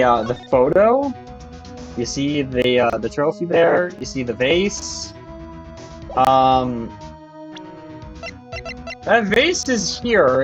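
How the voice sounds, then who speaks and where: A YouTube gamer giving loose, self-mocking let's play commentary. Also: mid-range voice.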